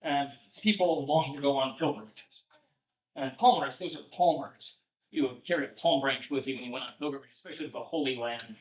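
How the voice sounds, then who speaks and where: Speaking a little fast in a mid-range voice, a pastor leads a poetry class in a casual, chatty way full of fillers and "right?" check-ins. Old verse gets read in a lifted, sing-song tone. The mic is at a distance in an echoey room.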